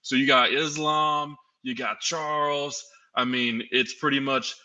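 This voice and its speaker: A man with a very bright, forceful voice hosts a podcast. He chats casually and keeps things moving, hyping up his guest about the coming fights. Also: mid-range voice, steady tone, unhurried, muffled recording. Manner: chatty, hypes up the guest. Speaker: podcast host.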